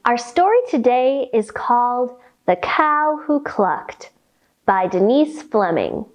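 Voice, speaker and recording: A woman leading a children's storytime with yoga instruction, reading aloud in a playful, expressive way. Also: a little high, highs cut off. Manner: animated, playful, slow and expressive.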